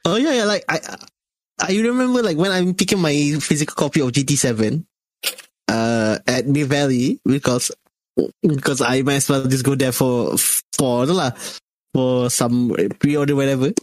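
A man with a Malaysian English accent co-hosting a casual gaming podcast, telling stories in an animated way. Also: mid-range voice, normal speed, dry recording. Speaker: podcast co-host. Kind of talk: casual chat.

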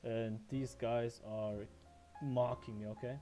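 A man in casual podcast chat over an online call, speaking haltingly with many filler words. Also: medium pitch, fairly even intonation, dark tone, faint music behind.

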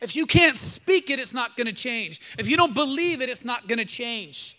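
A man's voice: very high-pitched, animated, normal speed, sharp tone. A male pastor preaching a sermon at a church service, emphatic and exhortative, leading the congregation in call-and-response.

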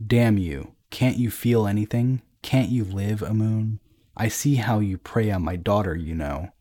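A man voicing a boisterous drunken emperor who jeers loudly and bellows at those around him. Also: on the low side, measured pace. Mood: mocking. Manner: loud, jeering, theatrical outbursts.

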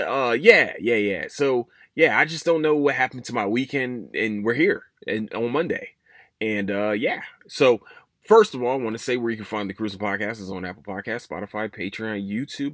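A man hosts his own podcast in a casual solo monologue, rambling with plenty of fillers and restarts. His voice sits at a medium pitch with a fairly bright tone, recorded in studio quality with no echo.

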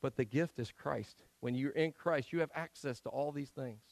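A man preaches a sermon to his congregation, his mid-pitched voice dry and close to the mic. He tells stories with acted-out voices, climbing to loud emphasis and then dropping into quiet asides. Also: normal speed, vocal fry, no echo, low-quality recording. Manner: animated storytelling, acts out quoted voices. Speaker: pastor. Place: church sanctuary.

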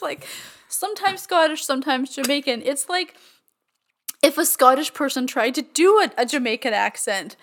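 A woman's voice: high-pitched, fairly bright tone. A woman co-hosting a podcast in casual chat, laughing often, swearing and saying "like" a lot. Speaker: podcast co-host.

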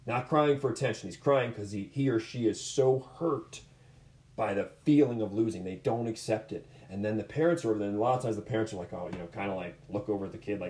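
A man's voice: fairly low pitch, quick pace, a little mellow. A man coaching combat sports, telling stories in an earnest, rambling way with frequent restarts. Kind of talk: casual storytelling in conversation. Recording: echoey room.

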